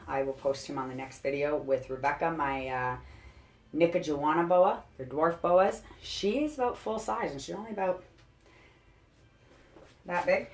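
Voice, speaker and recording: Low-voiced woman showing off her snakes. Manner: chatty, laughs often, frequent fillers. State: out of breath. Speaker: reptile keeper vlogger. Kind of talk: casual show-and-tell vlog. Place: indoors at home. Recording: echoey home room.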